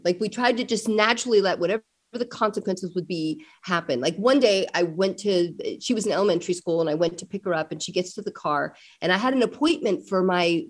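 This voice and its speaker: A middle-aged woman, a parent guest in an interview, telling family stories with lively acted-out dialogue. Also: mid-range voice. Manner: animated storyteller acting out family dialogue. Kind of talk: conversational interview storytelling.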